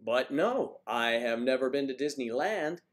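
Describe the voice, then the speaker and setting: An older East Coast man hosts a live stream, rambling loosely in a middle-pitched, expressive voice at a measured pace. He reads viewer comments aloud and answers each person by name.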